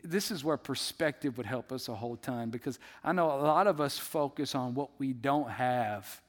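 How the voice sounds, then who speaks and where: A man preaching a sermon as the pastor, in a conversational, animated storytelling way. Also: medium pitch, moderate pace, big-room sound.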